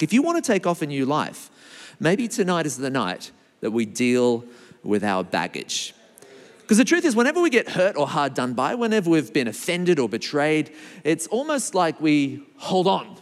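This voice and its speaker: Male preacher, 40s, lively storyteller, big pitch swings, echoey hall. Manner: animated, playful storyteller acting out other people's voices. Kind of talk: sermon with storytelling.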